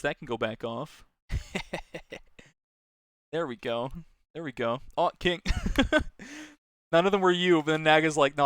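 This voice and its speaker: A man's voice: a little high, a bit bright, clean tone, no room sound, studio quality. A young man from Canada streaming a game from a small room at home, chatting casually with his viewers, laughing often and apologizing a lot. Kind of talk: casual live-stream chat. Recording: game music under voice.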